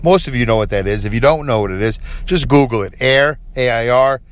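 A man's voice: mid-range voice, animated, fast. A tired middle-aged man hosting a late-night solo podcast, talking candidly and rambling with many fillers and restarts. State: tired, yawning. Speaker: podcast host.

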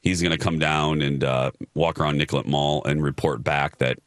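A man's voice: very deep voice, steady tone, moderate pace, dry recording, clean studio sound. A man co-hosting a radio talk show, chatting casually and laughing often.

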